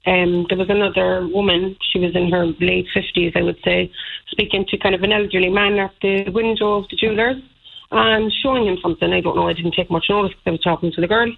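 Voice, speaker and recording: A woman's voice: fairly low pitch, fairly even intonation, quick pace, vocal fry. An Irish woman in her thirties calling a radio show, telling a story in a rambling, indignant way with many fillers. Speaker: caller. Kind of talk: phone-in call. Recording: tinny phone line.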